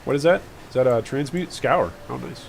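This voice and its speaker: A man's voice: medium pitch, normal speed, gravelly, a little hiss or hum. A man streaming a game live, chatting casually and rambling with jokey asides to his viewers. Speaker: gaming streamer.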